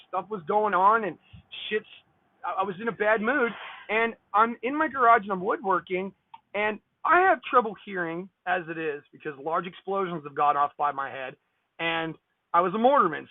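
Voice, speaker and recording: A man's voice: sits high, no echo. A man, a streamer, ranting angrily about a neighbor dispute, swearing heavily. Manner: profane, heated, swearing constantly. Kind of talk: angry ranting monologue. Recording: thin phone-like sound.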